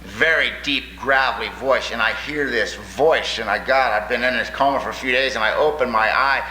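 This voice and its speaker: A plainspoken older man tells his story to a crowd with folksy, wry humor. His voice is bright and forceful, and it rings out through an echoey hall over a faint background hiss. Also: mid-range voice, normal speed. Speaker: recovery speaker sharing his story. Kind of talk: storytelling talk to an audience. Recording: echoey room with faint noise.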